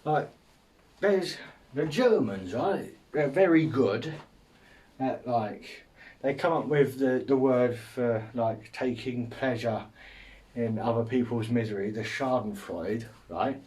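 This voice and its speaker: A man's voice: medium pitch, takes it slowly, a little mellow, far from the mic. Rambling, self-amused man. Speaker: podcast host. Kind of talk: casual comedic monologue.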